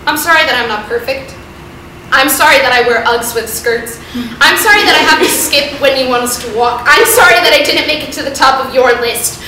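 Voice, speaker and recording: A woman's voice: high voice, brisk, distant mic. A teenage girl performing a confessional one-woman stage show, swinging between jokes and tearful apology. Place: theater stage. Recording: echoey theater with room noise.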